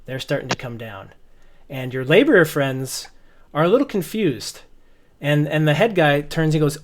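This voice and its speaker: Animated man running a tabletop game. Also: a little high, moderate pace. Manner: animated, repeats words as he narrates. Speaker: game master. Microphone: video call.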